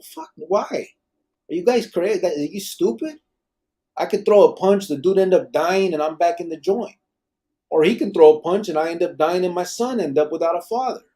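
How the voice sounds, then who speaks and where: A man's voice: a little high, mellow. A man with a blunt, emphatic manner, hosting a live podcast and swearing freely. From Arizona, USA. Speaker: podcast host, former gang member. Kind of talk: live podcast talk, reading viewer comments.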